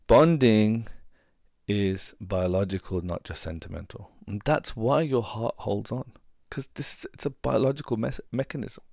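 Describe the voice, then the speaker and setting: Man, very low gravelly voice, dry close sound; earnest coach who repeats himself for emphasis. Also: a little slow, a little mellow, no room sound. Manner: earnest, repeats words for emphasis, many restarts. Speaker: relationship coach and hypnotherapist. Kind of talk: advice talk to camera.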